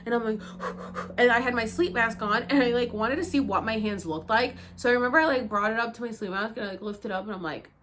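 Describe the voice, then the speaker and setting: A young woman vlogging to camera, telling a personal story in a casual, animated way, with lots of swearing and "like" fillers. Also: on the high side, quick pace, a little hiss or hum.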